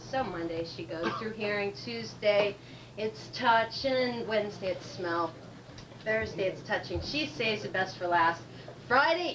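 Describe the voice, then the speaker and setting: A woman telling a long joke at a live bar comedy night, animated and expressive as she builds the story. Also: medium pitch. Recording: distant mic with background noise.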